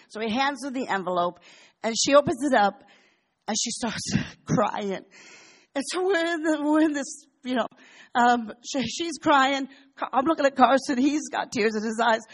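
An older woman sharing a personal testimony in a chatty, animated storytelling way. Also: mid-range voice. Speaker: church member sharing a testimony.

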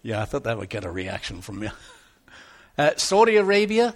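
A man's voice: lowish voice, sing-song, moderate pace. A man from England with a Devon accent, preaching a sermon in a joking, conversational way at a church service. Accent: English, Devon. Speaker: pastor. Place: church service, live and streamed.

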